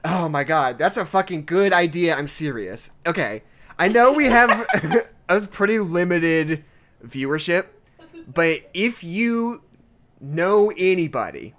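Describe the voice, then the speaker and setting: A young woman co-hosting a podcast in casual chat, excitable, swearing freely and laughing often. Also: on the low side, slow, slight background noise. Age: young adult. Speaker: podcast co-host.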